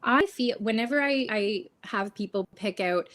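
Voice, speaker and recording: A woman's voice: fairly high pitch, moderate pace, a bit bright. A woman guest who owns a shop, talking in an earnest, encouraging, chatty way during an interview. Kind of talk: casual interview chat.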